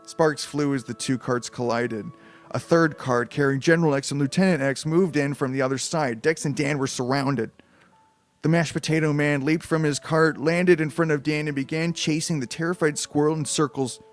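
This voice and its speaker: A man's voice: a little high, fairly even intonation, normal speed, faint music behind. A man casually reading a novelization aloud on a live stream, with chatty asides. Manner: loose, chatty asides and restarts.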